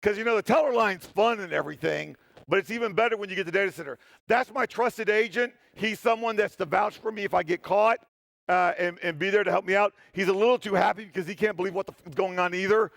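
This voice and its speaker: A man telling an animated, joking story during a conference talk on stage, often poking fun at himself. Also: sits high, quick pace, creaky, no echo. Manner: animated, joking, self-deprecating. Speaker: security tester giving a talk. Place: stage in a hall.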